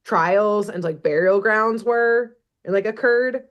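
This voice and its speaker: A woman's voice: medium pitch, slow pace, highs cut off. Laid-back woman retelling a cartoon. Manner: laid-back storyteller, laughs often, swears casually. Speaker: podcast host recapping a cartoon episode. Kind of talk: casual chat.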